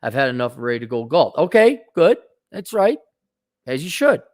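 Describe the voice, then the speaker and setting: A man's voice: mid-range voice, very animated, normal speed, darkish tone, no echo, clean studio sound. A man hosting a casual advice rant, blunt and sarcastic, talking in a stop-start way. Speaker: host.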